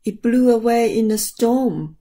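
A woman's voice: fairly high pitch, animated, a little slow, mellow. A woman voicing an upset goat on a boat in a picture book read-aloud, in a raised, complaining voice.

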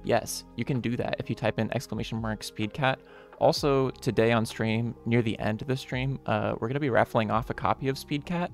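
Creaky-voiced friendly male streamer. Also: medium pitch, steady tone, brisk. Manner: upbeat, friendly, greets viewers one by one. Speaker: streamer and game developer. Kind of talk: casual live-stream chat with viewers. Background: faint lo-fi music.

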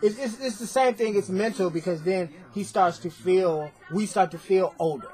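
A man's voice: high-pitched, normal speed, dark tone. A man in his forties co-hosting a casual chat, earnest and supportive, agreeing often. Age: 40s. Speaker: podcast co-host.

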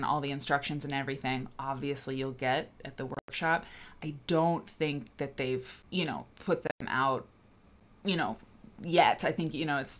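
Chatty woman host with a lowish voice. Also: slight background noise. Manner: chatty, rambling, greets viewers by name. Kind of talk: casual livestream chat.

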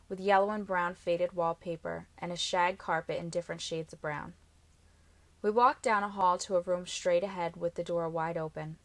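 A woman narrating a first-person romance novel in an even, quietly expressive reading. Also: fairly low pitch, dry recording. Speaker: audiobook reader.

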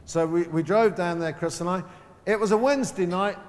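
A man preaching a sermon at a Christian conference, emphatic and slowing down to stress key words. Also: high voice. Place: large hall at a Christian conference. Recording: live sermon with long hall reverb.

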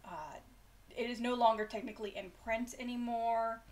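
A woman's voice: fairly high pitch, fairly even intonation, moderate pace. A woman hosting a bedtime story channel, chatting casually and self-deprecatingly before reading a chapter aloud. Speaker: storyteller host.

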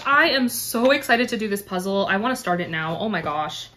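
Young woman, from Canada, book vlogger, casual chat to camera, effusive, gushing, mid-pitched voice. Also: animated, brisk, sharp tone.

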